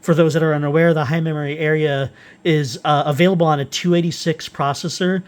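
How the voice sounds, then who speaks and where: A man walking through software tools he wrote, unscripted and halting, with frequent fillers and restarts. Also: on the high side, fairly even intonation. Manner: rambling, halting, with many uhs and restarts. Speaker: software developer presenting his utilities. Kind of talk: unscripted screen-recorded software walkthrough.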